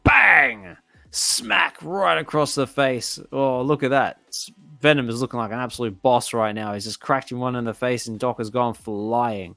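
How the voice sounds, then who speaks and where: A man casually reading a comic aloud and reacting excitedly to the panels as a channel host. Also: medium pitch, fairly quick, no room sound, soft background music.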